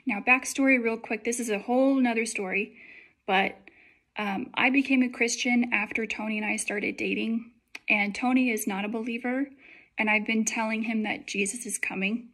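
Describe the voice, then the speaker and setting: Chatty young woman, high voice. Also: steady tone, normal speed, fairly bright tone. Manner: chatty, many likes and fillers. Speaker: vlogger telling a dream. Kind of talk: casual testimony.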